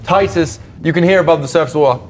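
A man narrating a tabletop game as game master, describing scenes with frequent pauses and ums. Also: a little high, slight background noise. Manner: descriptive, hesitant with many ums.

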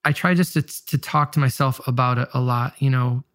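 A man's voice: medium pitch, fairly quick, fairly bright tone, no echo, studio quality. A pastor and musician with a nasal Michigan accent, talking candidly and reflectively in an interview, often restarting his sentences. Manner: candid, self-questioning, many restarts. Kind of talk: reflective casual interview talk.

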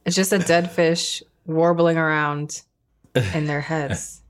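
A woman's voice: sits low, flat delivery, takes it slowly. A woman co-hosting a podcast, reading text messages aloud in a sarcastic, mocking way. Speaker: podcast co-host. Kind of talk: casual chat, reading texts aloud.

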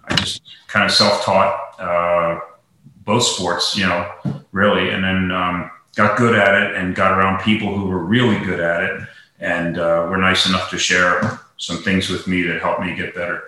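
Brief: male guest, bright rambling delivery full of fillers, very echoey room. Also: low-pitched, flat delivery, moderate pace. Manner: rambling, many fillers and restarts. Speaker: guest, golf professional. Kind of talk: casual interview talk.

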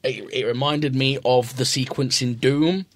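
A man's voice: mid-range voice, steady tone, a little slow, fairly bright tone. A man co-hosting a casual film review podcast. He chats easily, points out game references and tosses in silly asides. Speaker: podcast co-host.

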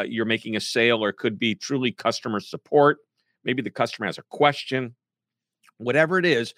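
Guy talking up his book on a podcast, animated and jokey, dry close sound. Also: mid-range voice, no room sound. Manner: animated, playful, jokes and puts on quick impressions. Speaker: author and podcast guest. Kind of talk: casual interview answers.

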